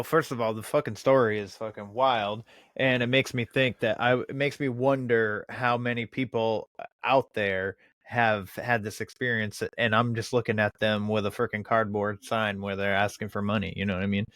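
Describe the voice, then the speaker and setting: A man's voice: lowish voice, flat delivery, normal speed, fairly bright tone, dry recording, clean studio sound. A man hosting a podcast, chatting casually and telling rambling, profane stories. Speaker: podcast host. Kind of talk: casual chat.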